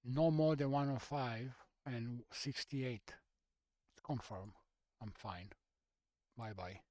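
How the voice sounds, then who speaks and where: A man's voice: medium pitch, takes it slowly, darkish tone, no echo. A man streaming a game, chatting casually and half-muttering through menu choices in slightly non-native phrasing. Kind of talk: casual gameplay commentary.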